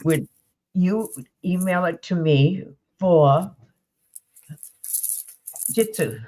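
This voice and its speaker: A livestream co-host in a casual panel chat, speaking hesitantly with pauses and fillers. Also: mid-range voice, a little mellow.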